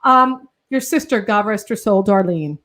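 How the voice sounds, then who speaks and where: A woman's voice: mid-range voice, expressive, normal speed, a bit bright. A woman hosting an online talk show, gushing and effusive with her guest. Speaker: show host.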